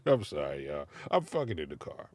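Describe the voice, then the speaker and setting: A man giving casual, animated reaction commentary from inside his car, laughing and swearing as he critiques. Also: very deep voice, a little fast, dry recording, clean studio sound. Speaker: music reaction vlogger.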